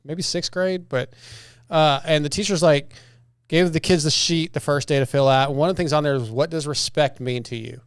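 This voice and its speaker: Lively, clear-voiced man telling stories. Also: on the high side, moderate pace, no echo, studio quality. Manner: laughing storyteller, acts out quoted voices. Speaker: podcast host. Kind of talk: casual chat, telling family stories.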